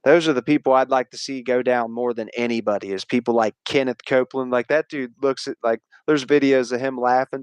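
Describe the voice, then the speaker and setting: A man's voice: mid-range voice, fairly even intonation, a little fast, few pauses, smooth, dry recording. Dry, close voice of a rambling male streamer. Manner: rambling, profane, opinionated, frequent "like". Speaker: livestream host. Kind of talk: casual livestream chat.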